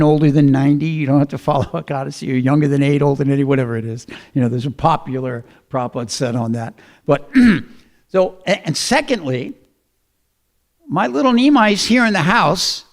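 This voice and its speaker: Man, gravelly, a bit high, casual storytelling preacher who adds fillers. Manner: conversational, with frequent fillers and throat clearing. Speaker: speaker giving a scripture talk. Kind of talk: storytelling sermon.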